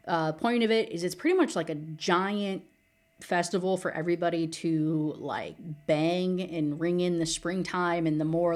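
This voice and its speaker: A woman giving a casual, sarcastic book recap, full of fillers. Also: on the low side. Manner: chatty, filler-heavy, sarcastic. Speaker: book reviewer.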